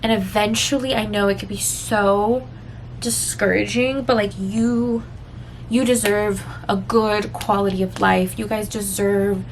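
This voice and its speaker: A woman's voice: medium pitch, fairly even intonation, a little slow, slight background noise. A woman vlogger talking candidly and emotionally to her viewers in a rambling, confessional chat full of fillers. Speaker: book vlogger.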